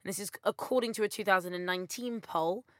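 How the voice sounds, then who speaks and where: A woman hosting a podcast quiz, reading out questions and answers in a brisk, listing way. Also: mid-range voice, dry recording, studio quality. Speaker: quiz host.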